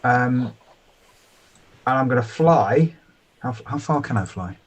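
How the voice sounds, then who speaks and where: A man's voice: mid-range voice, expressive, a little slow, slightly rough. A man playing a tabletop game, describing his character's actions with some hesitation. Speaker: player.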